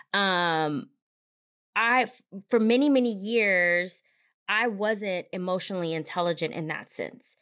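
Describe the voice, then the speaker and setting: A woman's voice: mid-range voice, fairly bright tone. Candid woman on a podcast. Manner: reflective, candid, with frequent restarts. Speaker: podcast co-host. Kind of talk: casual podcast conversation.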